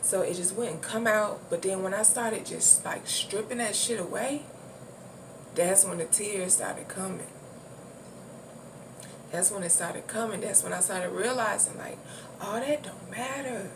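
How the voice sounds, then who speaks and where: A woman talks slowly and reflectively about the soul, circling back over her points and dropping casual curses. She sits a bit away from the microphone, with a clear hum of background noise in the room. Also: mid-range voice, steady tone, recorded from a distance. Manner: reflective, loose and repetitive, casual swearing. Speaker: spiritual vlogger. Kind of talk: casual spiritual talk.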